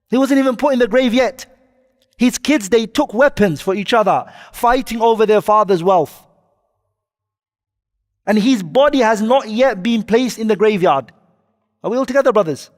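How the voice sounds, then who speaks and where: Male preacher, high register, delivers a sermon with Arabic quotes and questions to the crowd, reverberant hall. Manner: quotes Arabic then explains in English, asks the audience questions. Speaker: Islamic preacher.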